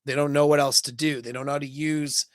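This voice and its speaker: A man's voice: a little high, little pitch movement, fast talker, dry recording. Loose-talking male dating coach, dry sound. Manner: casual, loose, many fillers and "right?" tags. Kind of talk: live coaching talk.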